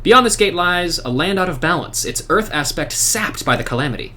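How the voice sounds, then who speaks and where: A man's voice: on the high side, expressive, a little fast, bright, forceful tone, voice pushed up. Man reading as a grim forest guard. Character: male woodwarden guard, grim and watchful. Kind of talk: reading game dialogue aloud.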